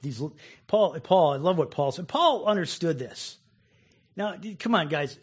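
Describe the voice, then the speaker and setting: A man's voice: on the high side, expressive, moderate pace, breathy edge. A man preaching a conversational sermon, chuckling often and acting out people's complaints. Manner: conversational, laughs often, acts out quoted complaints.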